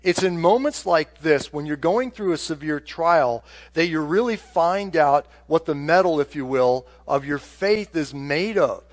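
A middle-aged male pastor preaching a sermon, telling a personal story with animated delivery that drops to soft, hushed tones in prayerful moments. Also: on the high side, a little slow, hardly any pauses.

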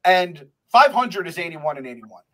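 A man hosting a casual sports podcast, rambling and excitable, swearing freely. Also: high voice, normal speed. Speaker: podcast host.

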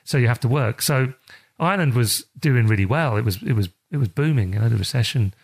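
A man's voice: medium pitch, animated, fairly quick, gravelly. Chatty South East London man. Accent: South East London English. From South East London, England. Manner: rambling, many restarts and "you know"s. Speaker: charity chief executive. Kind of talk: casual interview chat.

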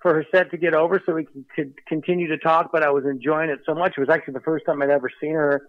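A man's voice: fairly high pitch, fairly even intonation, no room sound. Chatty man with a slight lisp on speakerphone. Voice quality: slight lisp from dental work. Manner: chatty, rambling, running fast on coffee. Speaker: podcast guest. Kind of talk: casual chat over speakerphone. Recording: dull speakerphone line.

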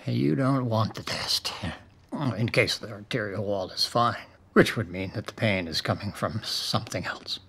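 An actor playing a bitter, dying male classics professor who talks in a quiet, probing way. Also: lowish voice, normal speed, gravelly, breathy edge, full character voice. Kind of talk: TV drama acting.

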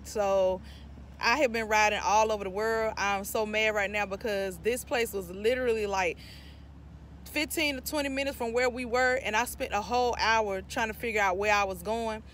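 Casting note: North Carolina mom vlogger in her thirties, mid-pitched, talkative, irritated. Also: normal speed, a bit bright, slight background noise. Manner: talkative, irritated venting, addresses viewers as y'all. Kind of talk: chatty vlog talk to camera. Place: parked car, then inside a store.

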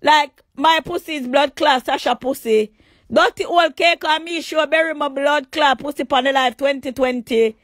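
Jamaican woman, livestream rant, high voice, dry close sound; taunting, crude, shouts at times. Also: moderate pace, dry recording. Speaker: livestream host. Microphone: phone.

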